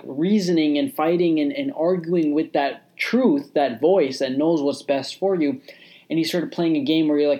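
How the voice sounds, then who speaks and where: A man's voice: fairly high pitch, darkish tone. Casual motivational podcast host, a man. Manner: casual, repetitive, many fillers and restarts.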